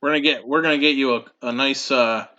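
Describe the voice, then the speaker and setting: A man's voice: medium pitch, fairly even intonation, fast talker, sharp tone, muffled recording. A man co-hosting a podcast in easygoing, rambling chat with self-deprecating humor. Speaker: podcast co-host. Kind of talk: casual chat.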